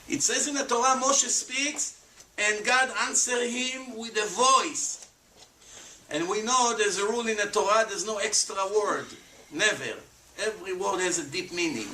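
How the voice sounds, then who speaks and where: A man with a high, bright, ringing voice explains religious teaching to his stream, firing off rhetorical questions and pressing his points hard. His English has non-native phrasing. He sits back from the mic in an echoey room with a faint hum of noise behind him. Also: distant mic. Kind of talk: animated religious explanation to a chat.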